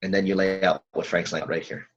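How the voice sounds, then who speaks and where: Deep voiced guy coaching sales, energetic, muffled call sound. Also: fast. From German and Hawaiian heritage, US. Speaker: co-instructor. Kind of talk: coaching a class.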